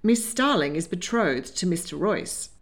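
A woman's voice: fairly low pitch, big pitch swings, normal speed, vocal fry. A woman voicing a spirited young woman who speaks wryly and sharply. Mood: sharp, stern. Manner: wry, sharp and suspicious.

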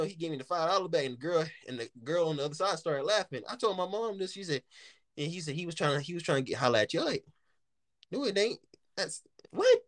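A man's voice: fairly high pitch, no echo. A man co-hosting a casual chat, telling stories with lots of laughter, swearing and acted-out quotes. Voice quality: animated, laughs often, swears freely.

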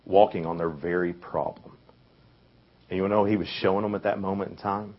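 A man's voice: sits low, fairly even intonation, brisk. A young man giving a youth sermon in a casual, conversational way, full of fillers and restarts. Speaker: youth speaker. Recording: dull lo-fi recording.

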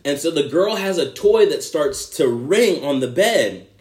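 A man's voice: fairly high pitch, lively intonation, unhurried, a little mellow, echoey room. A man hosting a podcast, telling a film's plot in a rambling, enthusiastic way with asides to his listeners. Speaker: podcast host. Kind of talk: casual movie review.

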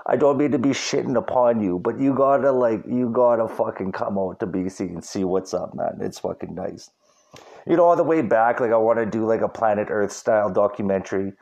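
A man's voice: fairly low pitch, brisk, vocal fry, darkish tone, highs cut off. A young man from Saskatchewan telling a road-trip story as a podcast host, rambling and swearing, with "dude" in nearly every sentence. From Saskatchewan, Canada. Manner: profane, rambling, says "dude" constantly.

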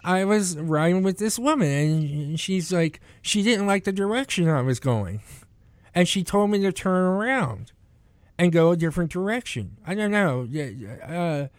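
A man with a somewhat high voice rambles through a story, often laughing and restarting his sentences. His voice sounds dry and close to the mic. He slips into quoting what people said to him. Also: animated, normal speed, no room sound. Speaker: rideshare driver telling stories. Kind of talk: casual podcast chat.

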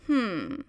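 A woman's voice: no echo, studio quality. A woman in her thirties hosting a podcast, rambling in casual chat, swearing freely and laughing often. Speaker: podcast host.

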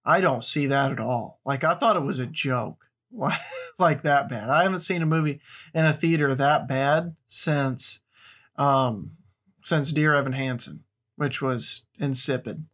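A man's voice: medium pitch, a little slow, a bit bright. A man hosting a casual movie podcast, rambling bluntly with frequent restarts. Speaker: podcast host.

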